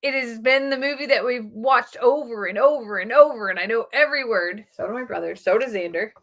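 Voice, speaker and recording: A middle-aged woman hosting a casual live stream, chatting excitedly with her viewers. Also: fairly high pitch, fairly quick.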